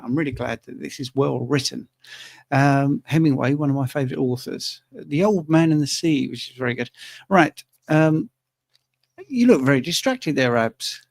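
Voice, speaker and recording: Gravelly jokey male host. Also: fairly high pitch, darkish tone. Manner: jokey, teasing, chatty. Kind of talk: live Q&A chat.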